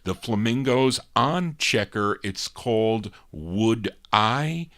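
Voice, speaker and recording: A man with a somewhat low voice hosts a music radio show. He chats about old records in a relaxed, conversational way and drops in small fillers as he goes. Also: slow. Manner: easygoing, chatty, with small fillers. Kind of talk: casual music radio patter.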